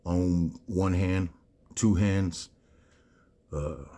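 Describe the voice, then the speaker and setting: A man's voice: low voice, fairly even intonation, very slow, mellow. A middle-aged man hosting a raw monologue, full of rhetorical questions and slang, getting emotional and close to tears as he talks. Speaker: host. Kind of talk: monologue to camera.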